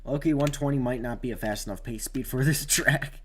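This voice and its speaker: A man commentating his own sim race on a live stream, rambling with many fillers and sudden excited outbursts. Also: medium pitch, brisk.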